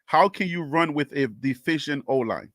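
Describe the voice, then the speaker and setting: A man with a Liberian English accent argues on a live stream in a high, sharp voice. He is animated and exasperated and keeps repeating his questions. The sound is dry and close. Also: moderate pace, dry recording. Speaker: sports talk live-streamer. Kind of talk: live stream, answering chat comments.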